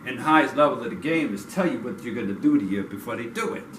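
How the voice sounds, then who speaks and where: A man's voice: mid-range voice, expressive, quick pace. Blunt, profane man in an echoey space. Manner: blunt, profane, rising to angry outbursts. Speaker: community speaker. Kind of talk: impassioned street talk. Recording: echoey, distant mic with noise.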